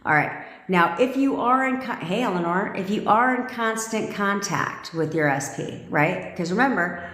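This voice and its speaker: A woman's voice: medium pitch, expressive, normal speed, fairly bright tone. A woman hosting a live coaching stream, talking bluntly and profanely to viewers and checking in with constant "okay?"s. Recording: roomy echo.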